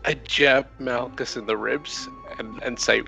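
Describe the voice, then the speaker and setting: A man's voice: mid-range voice, steady tone, measured pace, vocal fry, sharp tone, soft background music, poor audio. A man playing a tabletop game, bantering with dry jokes. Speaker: player.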